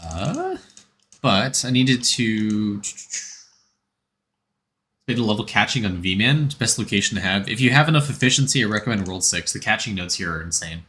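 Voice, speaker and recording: A man's voice: lowish voice, expressive, normal speed, long pauses, bright, forceful tone, a little hiss or hum. A man streaming a game, chatting casually and rambling as he answers chat and gives game tips.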